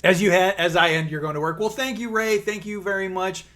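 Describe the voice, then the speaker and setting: A man's voice: sits high, fairly even intonation, fairly quick, fairly bright tone. A man in his forties, streaming live and chatting casually, upbeat and calling viewers by name.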